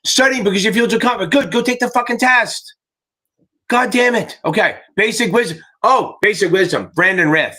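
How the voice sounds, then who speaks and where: A man's voice: high voice, moderate pace, sharp tone. A middle-aged man, an exam tutor, hosting a casual live Q&A in a rambling, profane, joking way. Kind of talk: casual livestream chat.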